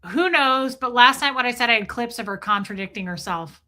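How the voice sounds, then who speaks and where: A middle-aged woman hosting a livestream, talking in a profane, animated way as she comments on online drama and acts out what people said. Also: fairly high pitch, a little fast. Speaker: livestream host.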